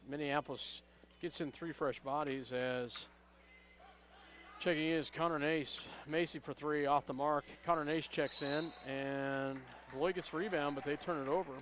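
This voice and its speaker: A man announcing a high school basketball game play-by-play, calling passes quickly and rising on big plays. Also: steady tone, fairly bright tone, slight background noise. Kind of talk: local radio basketball commentary.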